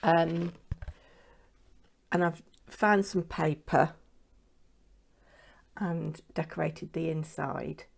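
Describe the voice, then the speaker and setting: A woman's voice: sits low, steady tone, very slow, vocal fry, pauses often, breathy edge. A middle-aged British woman chatting casually to camera at home as she shows her handmade crafts, rambling along. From United Kingdom. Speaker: craft vlogger.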